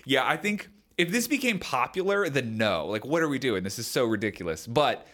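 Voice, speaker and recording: A young man co-hosts a relaxed podcast chat. He thinks out loud in loose, wandering sentences, leaning on "like" and "man" as he goes. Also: medium pitch, a little fast. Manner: rambling, musing, frequent "like" and "man". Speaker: podcast co-host. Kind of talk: casual chat.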